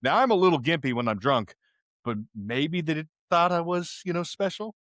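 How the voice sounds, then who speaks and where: A man's voice: fairly high pitch, lively intonation, normal speed, fairly bright tone, no room sound, studio quality. A young man from Houston, casually telling a rambling, slang-filled story as a podcast host, wearing headphones. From Houston, Texas. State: partly deaf in one ear, wearing headphones. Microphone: headphones on, close mic.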